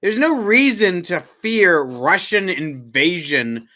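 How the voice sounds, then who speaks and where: A man co-hosting a podcast, with a pitch that swings widely through sarcastic, profane chat. His voice is bright and forceful. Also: expressive, slow pace. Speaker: podcast co-host. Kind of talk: casual political podcast chat.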